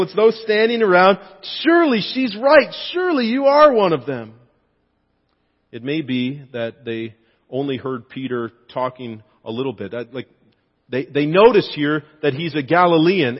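A man preaching a sermon with lively, expressive delivery, his voice rising when he acts out quoted lines. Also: on the high side. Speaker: pastor. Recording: dull sound with long hall reverb.

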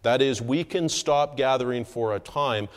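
A man delivers a sermon from the pulpit in an earnest, measured way. His voice sits at an ordinary middle pitch and climbs with emphasis on key points. The sanctuary adds a long, trailing reverb. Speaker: pastor. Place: church sanctuary.

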